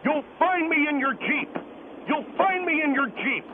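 A man voicing a pompous, combative male guest with a high, nasal, sneering voice who mocks and repeats himself on a radio call-in. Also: lively intonation, a little slow. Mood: smug, mocking. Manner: mocking, repeats himself, drags out words. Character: shrill pompous male official, smug and combative. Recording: tinny radio phone line with hiss.

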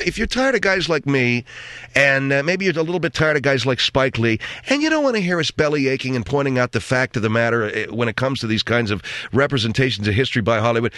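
A man's voice: mid-range voice, big pitch swings, fairly quick, a bit bright, dry recording, studio quality. A man hosting a talk show, delivering a sarcastic, rambling opinion monologue.

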